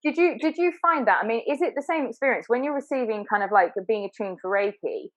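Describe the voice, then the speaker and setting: A woman's voice: on the high side, lively intonation, fast talker, dry recording, dull audio. A woman hosting a casual interview, chatty and laughing often, with plenty of fillers. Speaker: interview host.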